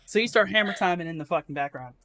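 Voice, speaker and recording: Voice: medium pitch, quick pace, bright, forceful tone. Swearing casual game master. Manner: casual, swearing, filler-heavy narration. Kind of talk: narrating a live tabletop game.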